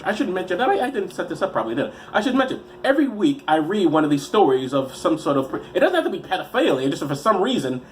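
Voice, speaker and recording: A man with an American accent and a cold hosts a comedy show, reading news stories aloud in a rambling, sarcastic style with frequent restarts. His voice sits high, and there's a little hiss or hum in the recording.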